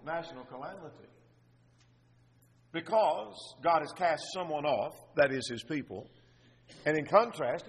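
A man's voice: fairly high pitch, husky. A man preaching an expository sermon, earnestly piling up rhetorical questions. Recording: long reverb of a large hall.

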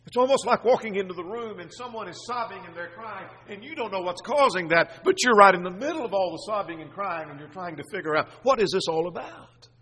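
A man's voice: high voice, husky. A man preaching a sermon, walking through a psalm verse by verse and rising in force when he reads the scripture aloud. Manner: preaching, swells loud when quoting scripture. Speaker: pastor. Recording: long hall reverb.

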